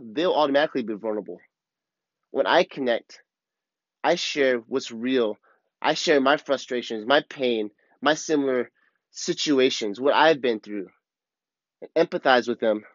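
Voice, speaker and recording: A man's voice: mid-range voice, no room sound, muffled recording. A man hosting a podcast, telling a personal story in an earnest, casual way and swearing freely. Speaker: podcast host. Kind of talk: casual reflective monologue.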